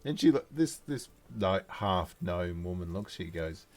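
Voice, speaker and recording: A man narrating a tabletop role-playing game as game master, in an animated, unhurried storytelling manner. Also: sits low.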